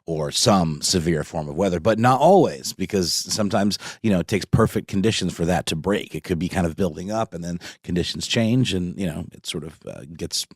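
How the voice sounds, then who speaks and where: Deep-voiced laid-back male podcast co-host. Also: a little fast, few pauses, slightly rough, dry recording, clean studio sound. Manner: laid-back, rambling with you-knows and likes. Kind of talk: casual podcast chat.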